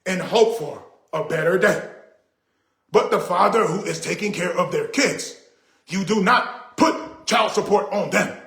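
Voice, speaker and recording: A man's voice: high voice, a bit bright. Indignant middle-aged man ranting, echoey room. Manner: indignant, preachy, repeats points for emphasis. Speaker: vlogger. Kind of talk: ranting monologue to camera.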